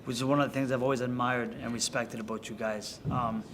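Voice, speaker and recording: A man's voice: medium pitch, fairly even intonation, brisk, background noise. A middle-aged man hosting a podcast interview, asking leading questions and voicing admiration for his guest. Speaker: podcast host.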